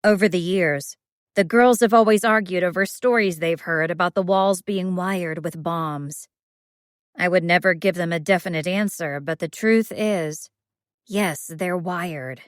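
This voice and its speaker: A woman in a mid-range voice reads a first-person thriller audiobook with a quiet, brooding delivery. The recording is dry, with no room sound around her. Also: fairly low pitch, unhurried, clean tone, no room sound. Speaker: audiobook narrator.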